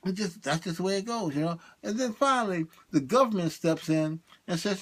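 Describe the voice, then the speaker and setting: A man doing a comic monologue, swinging between high excited bursts and low muttered asides. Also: a little fast, hardly any pauses. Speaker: stand-up comedian.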